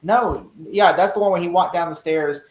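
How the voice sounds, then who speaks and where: A man on a casual podcast talks in eager, animated bursts and slips into quick voices for the scenes he describes. His voice sits a little high for a man. The room around him is echoey and roomy. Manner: animated, acts out quotes from scenes. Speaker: podcast co-host. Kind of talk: casual chat.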